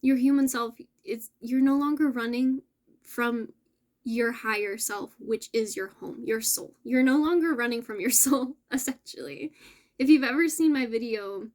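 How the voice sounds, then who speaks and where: A woman hosting a casual spiritual message for her viewers, gentle and affirming, with soft laughs and self-corrections. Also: a little high, normal speed. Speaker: spiritual channel host.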